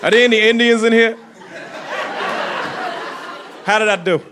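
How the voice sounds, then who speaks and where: A man doing a stand-up comedy set, telling a story with shouted punchlines and quick switches into voices. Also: high voice, fairly even intonation, crowd noise, background noise. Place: comedy club with audience.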